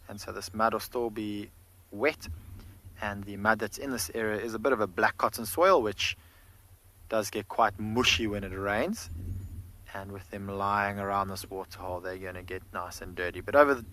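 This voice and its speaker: A man guiding a live safari outdoors, calmly explaining what the animals are doing. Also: fairly low pitch. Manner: calm, explanatory. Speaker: safari field guide. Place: outdoors on a game drive.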